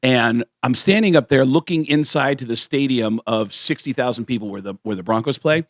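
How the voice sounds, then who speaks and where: Animated male comedian telling a story. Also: mid-range voice, brisk, no echo, clean studio sound. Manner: animated storyteller who acts out the voices of others. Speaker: comedian guest. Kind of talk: casual storytelling on a radio show. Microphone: studio microphone.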